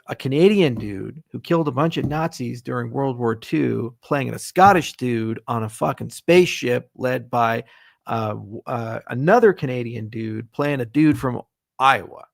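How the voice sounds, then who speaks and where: A man's voice: mid-range voice, creaky, dry recording, studio quality. A middle-aged man hosting a casual livestream Q&A, irreverent and joking, swearing freely as he answers viewer questions.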